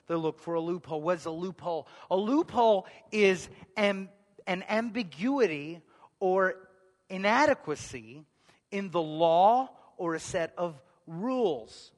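A pastor preaching a conversational sermon, shifting between quiet asides and sudden shouts. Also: male voice, sits high, long reverb tail.

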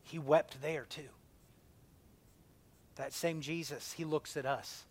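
A man in his forties preaches with a somewhat high voice. He drives lines hard, then drops to a hushed near-whisper for tender moments. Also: unhurried, long pauses, slight background noise. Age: 40s. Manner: impassioned, swinging from loud emphasis to a hushed near-whisper. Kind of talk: sermon.

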